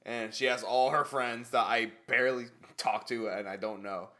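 A man's voice: medium pitch, steady tone, normal speed, bright, forceful tone. A man co-hosting a podcast, talking casually in a laid-back way and laughing often. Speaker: podcast co-host. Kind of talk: casual chat.

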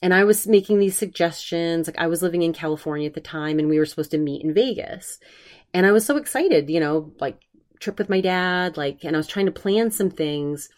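A woman's voice: fairly low pitch, fairly quick, darkish tone. A woman hosting a solo podcast, talking earnestly and rambling with many restarts, emotional while recovering from covid. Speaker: podcast host.

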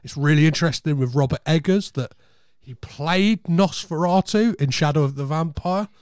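A man's voice: on the high side, normal speed, darkish tone, smooth, no echo, clean studio sound. A man co-hosting a film podcast in casual chat, talking enthusiastically and rambling with restarts. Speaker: podcast co-host.

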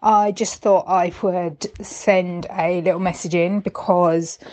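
A woman's voice: lowish voice, steady tone, takes it slowly, dark tone. A woman leaving a heartfelt, rambling voice message to a podcast, tender and emotional. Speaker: listener sending a voice message.

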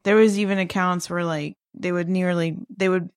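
A gravelly, creaky voice of middle pitch talks in a laid-back, relaxed way. This co-host is chatting on a casual podcast, recorded dry and close to the mic. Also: normal speed, dry recording. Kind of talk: casual conspiracy podcast chat.

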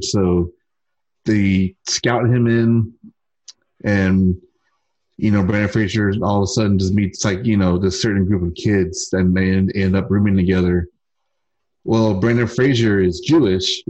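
A male podcast co-host talks through a film plot in an easygoing manner. His voice sits somewhat low, and his delivery is relaxed and unhurried. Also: rough recording. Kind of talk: casual chat.

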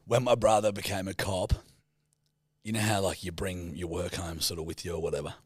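A man's voice: low voice, little pitch movement, fairly quick, slightly rough, no echo. A young man, co-hosting a podcast in casual chat, crude and joking, slipping into mock-formal impressions. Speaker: podcast co-host.

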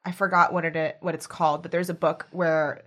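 Animated woman telling a story. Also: low-pitched, brisk. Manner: animated storyteller, acts out quotes. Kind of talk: casual chat.

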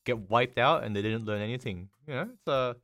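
A young man chats as a podcast co-host in a laid-back, teasing way. His voice sits at a middling pitch. The recording sounds dry, with no room echo. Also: a little fast, fairly bright tone, soft background music. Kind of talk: casual chat.

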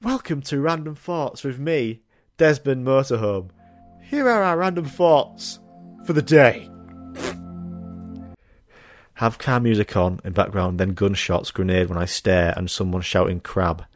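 Man doing a deadpan oddball presenter, slow solemn delivery, sudden shouted outbursts. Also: medium pitch, faint music behind, lightly acted. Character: Desmond Motorhome, odd male random-thoughts presenter.

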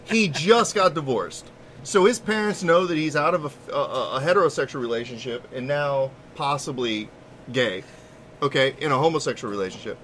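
A man co-hosting a podcast, telling a story in casual, profane, animated chat. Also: mid-range voice, normal speed, slight background noise. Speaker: podcast co-host.

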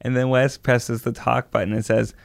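A man's voice: mid-range voice, little pitch movement, moderate pace, creaky, no echo, studio quality. A man in his thirties co-hosting a parenting podcast, chatting casually and reading baby milestones aloud in a playful way. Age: 30s. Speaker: podcast co-host. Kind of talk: casual chat.

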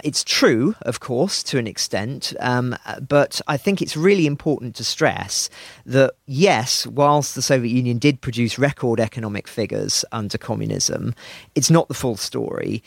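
British male podcast co-host, emphatic analytical talk, mid pitch, dry close mic. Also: fairly bright tone, no echo. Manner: earnest, emphatic, frequent restarts.

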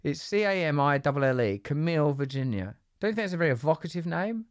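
A man's voice: on the high side, animated, fast, clear, resonant tone. A man hosting a podcast in casual chat, playful and teasing as he riffs on odd ideas. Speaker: podcast host.

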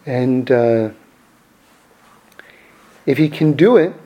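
A man speaks in an animated, conversational teaching voice, and his pitch swings widely up and down. He hammers key phrases by repeating them and slips into the voices of the people he quotes. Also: extremely slow, poor audio. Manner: acts out quoted dialogue, repeats phrases for emphasis.

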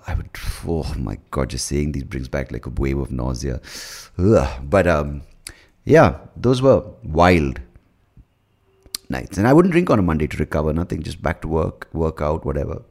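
Solo podcast host, extremely low voice, profane self-mocking ramble. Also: male voice. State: hungover. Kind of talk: casual solo monologue.

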